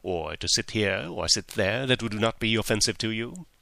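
Brief: man doing coaxing fussy employer, bright crisp tone, lowish voice, dry close sound. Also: normal speed, no echo. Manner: coaxing, repeats himself, ends on "eh?". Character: jovial, pushy middle-aged male employer.

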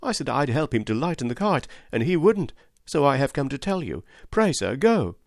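A man reading an audiobook and voicing an earnest young stable boy who speaks in an excited, pleading way. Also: mid-range voice, moderate pace, no echo, clean studio sound, voice pushed up.

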